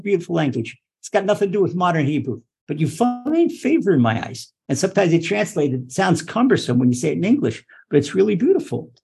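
A man teaching a religious lesson in an impassioned, animated way, often repeating and restarting his words. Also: fairly high pitch, slightly rough. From Israel. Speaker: rabbi teaching Torah.

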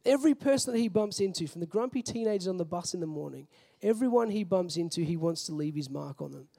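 A man's voice: high voice, expressive, fast, vocal fry, mellow. A young adult man with an Australian accent, preaching a sermon in a casual storytelling way with many fillers. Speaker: pastor. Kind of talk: sermon with personal stories.

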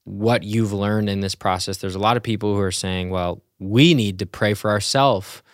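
A man's voice: on the low side, fairly even intonation, normal speed, no room sound, clean studio sound. A man hosting a podcast, framing his questions carefully with restarts. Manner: thoughtful, restarts as he frames questions. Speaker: podcast host. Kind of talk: interview questions.

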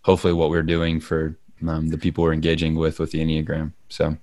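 A man with a very deep voice co-hosts a podcast. He speaks with enthusiasm and takes a thoughtful tone as he thanks the guest. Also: monotone, quick pace, darkish tone. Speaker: podcast co-host. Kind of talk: casual podcast chat.

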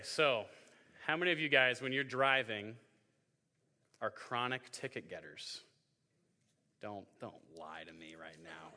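A man's voice: mid-range voice, bright, forceful tone. A young man in his twenties giving a joking sermon to a youth group, telling stories and acting out voices. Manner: joking storytelling, acts out voices. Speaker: youth pastor. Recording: hall reverb.

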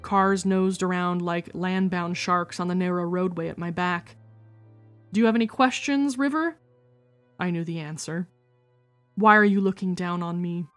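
A woman narrating a spooky podcast story in a calm, measured reading voice, with faint music behind her. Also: fairly low pitch.

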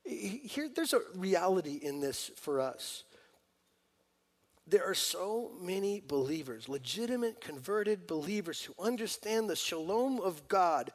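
Animated male preacher, loud then hushed. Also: sits high, measured pace. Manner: animated, swings from loud urging to hushed intimacy. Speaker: pastor. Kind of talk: sermon.

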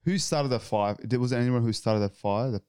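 A man's voice: medium pitch, fairly quick, a little mellow, smooth, dry recording, studio quality. A man, a podcast host who talks casually and hesitantly, often restarting sentences as he tells stories. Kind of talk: casual interview chat.

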